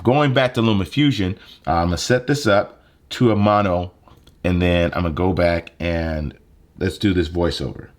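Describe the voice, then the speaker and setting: Young male tech creator, low voice, relaxed filler-heavy delivery. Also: moderate pace. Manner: relaxed, conversational, lots of fillers. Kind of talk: casual gear tutorial. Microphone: handheld phone mic.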